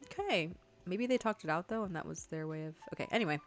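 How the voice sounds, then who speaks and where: A woman's voice: fairly low pitch, expressive, fast talker. A young woman hosting a video game playthrough, chatting casually and reading the game's text aloud. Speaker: gaming video host. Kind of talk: casual let's-play commentary.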